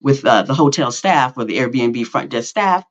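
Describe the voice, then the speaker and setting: Middle-aged man, podcast host, rambling casual storytelling, mid-pitched voice, slightly muffled lo-fi audio. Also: moderate pace. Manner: rambling, with many fillers and self-corrections; animated, self-mocking storytelling.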